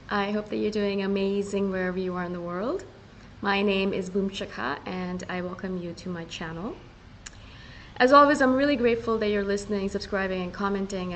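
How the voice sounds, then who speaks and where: A woman's voice: medium pitch, a bit bright, a little hiss or hum, rough recording. Earnest woman hosting a solo podcast. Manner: earnest and confessional, often slowing down to stress words. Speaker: podcast host. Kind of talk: casual solo podcast talk.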